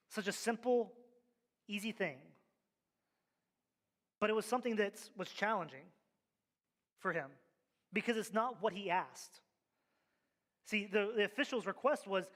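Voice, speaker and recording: A man's voice: sits high, moderate pace, long pauses, a bit bright. A male pastor preaching a sermon, with emphatic, rhythmic repeated refrains, in a church sanctuary. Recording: long reverb of a large hall.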